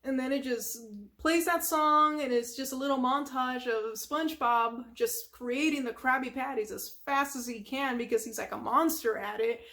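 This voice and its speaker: A woman's voice: high voice, normal speed, fairly bright tone. A woman hosting an ASMR channel, casually retelling a cartoon from memory in a rambling way, with lots of filler words and sound effects.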